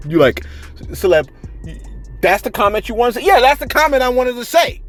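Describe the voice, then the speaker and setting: Animated New York man riffing casually. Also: on the high side. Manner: slangy, animated, frequent "you know what I'm saying". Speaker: celebrity news commentator. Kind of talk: casual monologue to viewers.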